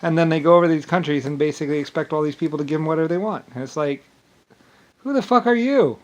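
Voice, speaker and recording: Guy ranting on and on, swears a lot, keeps restarting, gets loud and angry. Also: a little high, steady tone, racing. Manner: rambling, profane, repetitive, with frequent restarts and loud angry outbursts. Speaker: video monologue speaker. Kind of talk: rambling monologue.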